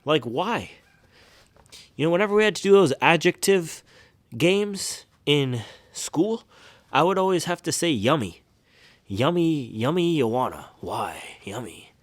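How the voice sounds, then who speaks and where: A man's voice: on the high side, very animated, a little slow, long pauses, no room sound. A young man chatting casually in a vlog as a running shoe reviewer, playful and rambling with jokey slang.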